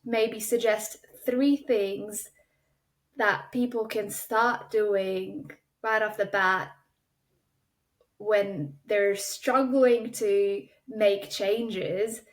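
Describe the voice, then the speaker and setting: A woman hosting an interview, asking measured questions and affirming her guest's answers. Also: mid-range voice, steady tone, rough recording. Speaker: interview host. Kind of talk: conversational interview.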